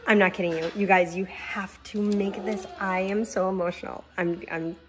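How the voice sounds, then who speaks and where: A woman chats her way through a kitchen vlog, gushing over her food. Her talk is loose and excitable, with plenty of fillers and restarts. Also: mid-range voice, normal speed. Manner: chatty and gushing, with many fillers. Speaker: home cooking vlogger.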